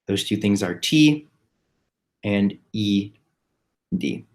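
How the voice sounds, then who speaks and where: A man teaching a phonics lesson to young children. He spells words letter by letter, slowly and patiently. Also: fairly low pitch, lively intonation, a little mellow. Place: home, recorded remotely.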